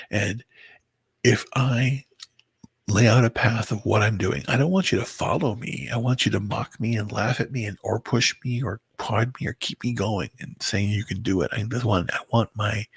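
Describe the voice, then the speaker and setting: Tired, gravelly-voiced man rambling. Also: mid-range voice, no room sound. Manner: halting, repeats and restarts words. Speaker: vlogger. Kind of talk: rambling personal monologue to camera.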